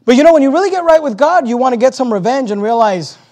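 Male pastor, very high-pitched, preaching style with forceful swells and repeated phrases. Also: lively intonation, fast talker. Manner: preaching with surges of volume and emphatic repetition. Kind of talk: sermon.

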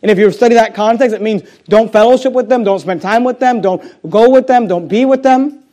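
A man preaching a sermon with impassioned emphasis, swinging between loud rising declarations and quiet intensity, repeating phrases for effect. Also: high voice, a little fast. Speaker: pastor.

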